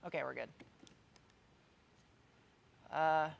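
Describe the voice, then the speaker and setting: The recording is dull, and her low-pitched, creaky voice stays fairly even as she draws out her words. A New England car channel host in her thirties, she meanders chattily through viewers' comments on a live stream, restarting often.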